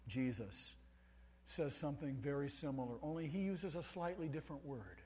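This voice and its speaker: A man preaching a sermon, stressing key words by swinging between soft and loud. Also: on the high side, normal speed, breathy edge.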